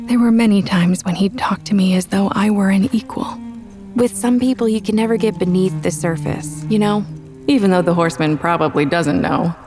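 A young woman narrating a first-person audiobook in a soft, intimate, reflective way. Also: medium pitch. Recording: with background music.

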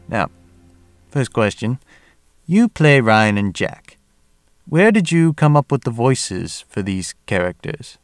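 A man hosting an interview, giving a formal scripted introduction and asking the first question. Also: lowish voice. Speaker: host.

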